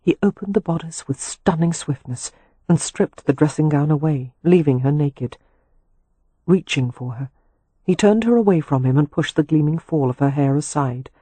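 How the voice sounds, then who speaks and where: A man narrating a romance audiobook in a slow, sensual, measured reading. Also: a little high, animated, dark tone, slightly rough, no room sound. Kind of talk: scripted narration.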